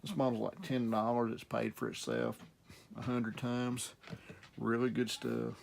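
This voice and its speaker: Middle-aged Southern man, heavy vocal fry, laid-back workshop instructor, faint noise. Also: mid-range voice, unhurried. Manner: relaxed, rambling, talks while working. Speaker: guitar repair instructor. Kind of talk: casual how-to demonstration.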